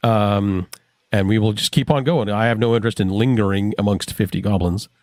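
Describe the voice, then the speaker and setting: A man's voice: lowish voice, fairly quick, darkish tone, no room sound. A man playing a tabletop game, joking in a playful way. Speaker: player. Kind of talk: casual tabletop play.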